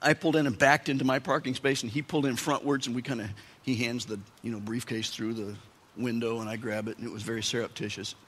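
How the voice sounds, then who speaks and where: A pastor preaching a sermon, telling the story with animated asides and dramatic emphasis. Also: male voice, mid-range voice, quick pace, a little hiss or hum. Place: church sanctuary. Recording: long church-hall reverb.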